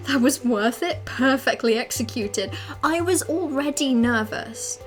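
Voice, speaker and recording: A young adult woman giving excitable, dramatic let's play commentary as a streamer, swearing often. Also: high-pitched, measured pace, faint music behind.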